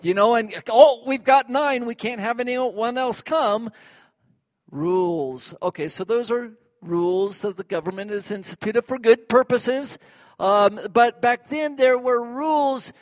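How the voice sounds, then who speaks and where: A male pastor preaching a sermon in a lively, animated way, acting out everyday examples. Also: measured pace. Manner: animated, acts out examples with sudden high bursts. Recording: dull sound with long hall reverb.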